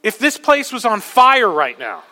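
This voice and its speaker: High, bright-voiced preacher in a reverberant hall. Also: male voice, very animated, measured pace. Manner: preaching with urgent emphasis, swinging from soft to loud. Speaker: pastor. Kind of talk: sermon. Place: church.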